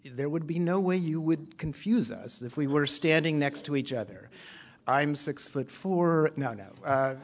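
An older man speaking at a conference, telling a story with self-deprecating humor and then reading a prepared speech. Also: a little high. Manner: conversational, self-deprecating humor, frequent fillers.

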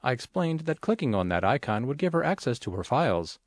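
A man reading magazine articles and recipes aloud in a clear, measured, expressive way. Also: medium pitch, dry recording, clean studio sound. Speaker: reader of an audio magazine. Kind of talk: scripted read-aloud narration.

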